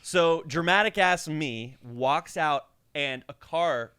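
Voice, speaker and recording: A young man co-hosting a podcast, telling a story in a casual, animated way, acting out the people in it and swearing freely. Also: fairly high pitch, slow pace, smooth, no echo, clean studio sound. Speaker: podcast co-host.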